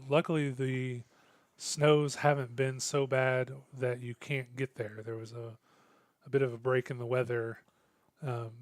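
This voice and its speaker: A man acts as game master for a tabletop game, narrating haltingly with lots of fillers and restarts. His voice sits in the mid range, and the studio-quality recording has no room sound.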